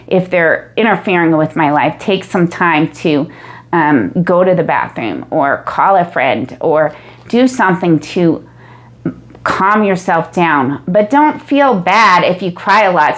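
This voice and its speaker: A woman vlogging to her camera, speaking candidly and reflectively, with frequent ums and pauses. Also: fairly low pitch, lively intonation. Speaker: YouTuber. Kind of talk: casual talk to camera. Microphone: camera mic.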